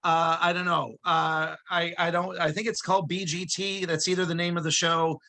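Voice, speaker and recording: Man, guest magician on a video call; high bright voice, excitable, self-mocking jokes. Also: moderate pace. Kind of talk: joking comedic patter over video call.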